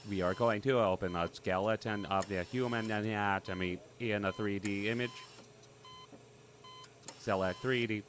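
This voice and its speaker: A man voicing a flustered tutorial host with a strange, unnatural voice and a flat, measured delivery in a comedy sketch. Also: lowish voice, a little hiss or hum, close to an everyday voice. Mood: deadpan instructive.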